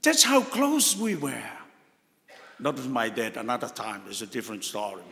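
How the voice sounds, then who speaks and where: Older Tongan man, heartfelt and gravelly. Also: medium pitch, expressive, long reverb tail, very noisy. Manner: emotional, heartfelt storytelling with pauses. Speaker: cardinal giving a talk. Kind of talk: personal testimony talk.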